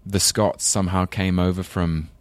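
A man with a London English accent talks as a guest on a talk show, thoughtful and rambling, quick to laugh. His voice is very low and the sound is dry and close. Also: flat delivery, no room sound. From England. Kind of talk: casual chat.

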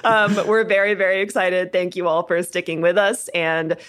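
A woman's voice: fairly low pitch, level tone, moderate pace, fairly bright tone. A woman co-hosting a film podcast in casual chat, upbeat and chatty, and she laughs often. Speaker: podcast co-host.

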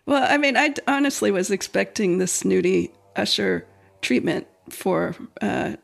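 A man with a high voice and a heavy gravelly fry talking earnestly about a film. He hesitates often and leans on fillers as he works through his point. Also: animated, a little slow. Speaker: podcast co-host. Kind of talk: casual film discussion.

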